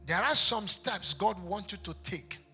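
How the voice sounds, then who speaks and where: A man's voice: high voice, measured pace, bright, forceful tone, faint music behind. A pastor preaching an impassioned sermon in a church, driving his points home with rhetorical questions.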